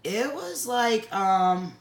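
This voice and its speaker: A woman co-hosting an online sale, telling animated stories with a lot of laughter. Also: a little high, extremely slow, creaky, heavy background noise. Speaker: co-host selling magical items. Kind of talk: casual storytelling chat. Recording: echoey room.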